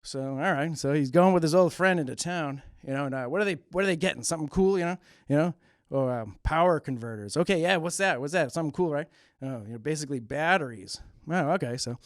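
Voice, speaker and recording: A man doing an impression of a deadpan male comedian, with a slow, halting, drawling delivery full of uhs, in a local cable TV studio. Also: on the high side, no echo, close to an everyday voice.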